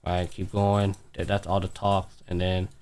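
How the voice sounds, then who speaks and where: A man's voice: sits low, monotone, unhurried, darkish tone, clear, resonant tone. A man hosting a podcast, casually retelling an anime episode in a loose, profane way full of fillers. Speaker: podcast host. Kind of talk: casual anime recap chat.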